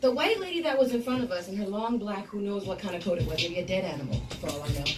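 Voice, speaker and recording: A young woman on a radio show, telling a story in a lively, profane, vivid way. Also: medium pitch, fast, faint music behind. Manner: animated, profane, vivid retelling. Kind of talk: casual storytelling chat. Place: radio studio. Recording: voice distant from the mic.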